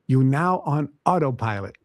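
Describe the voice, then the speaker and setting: A man voicing an elderly Chinese kung fu grandmaster, speaking slow, broken English with a Chinese accent. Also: mid-range voice, animated, dry recording, clean studio sound, natural voice. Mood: approving.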